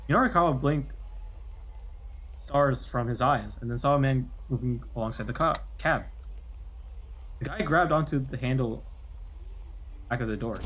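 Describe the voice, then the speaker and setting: A man's voice: medium pitch, measured pace, long pauses, a bit bright, a little hiss or hum. A man streaming himself reading a visual novel aloud, casual, stopping to comment and correct himself.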